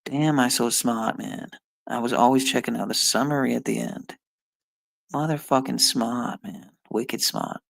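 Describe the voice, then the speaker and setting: A man's voice: mid-range voice, fairly even intonation, measured pace, gravelly, a bit bright, no echo, low-quality recording. A man streaming live, muttering and swearing in frustration as he works through an online test and talks to his viewers. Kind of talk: casual live-stream talk while taking an online test.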